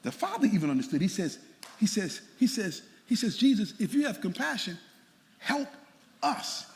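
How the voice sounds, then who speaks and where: Lively, high-voiced preaching pastor. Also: male voice, normal speed, gravelly. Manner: animated, playful preaching with laughing asides to the congregation. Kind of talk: sermon. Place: large church sanctuary. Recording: church hall reverb with faint room noise.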